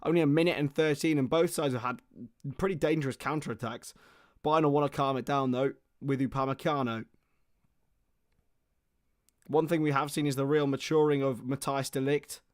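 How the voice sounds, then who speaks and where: A young man giving excitable live football play-by-play on a stream, his voice starting to go hoarse, greeting viewers between plays. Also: mid-range voice, moderate pace, pauses often, no echo, clean studio sound. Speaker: football watchalong host.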